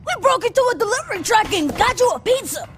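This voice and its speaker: A woman voicing an earnest, sweet young boy from the projects, pleading earnestly in an animated sitcom. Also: extremely high pitch, fast, heavy background noise.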